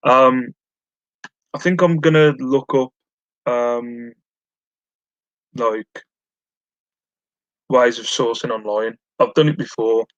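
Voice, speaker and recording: Male live-streamer, mid pitch, rambling and self-mocking, answering chat at home, dry close sound. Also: fairly even intonation, slow, long pauses, fairly bright tone, dry recording, highs cut off. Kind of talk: casual chat while reading live chat.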